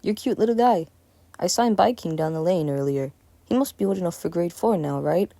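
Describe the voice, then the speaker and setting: A woman's voice: fairly low pitch, fairly quick, gravelly, warm tone, no room sound. A woman voicing a sweet, confused elderly neighbor who talks in a doting way.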